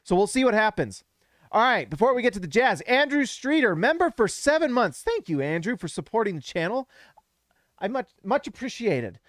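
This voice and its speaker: A man with a high, bright-pitched voice hosts a live post-game reaction stream, talking in emphatic bursts that climb toward shouting. His voice is starting to go hoarse. The sound is dry and close to the mic. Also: normal speed, no echo. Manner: animated, emphatic, rises to shouts when hyped. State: voice going hoarse. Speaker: basketball show host.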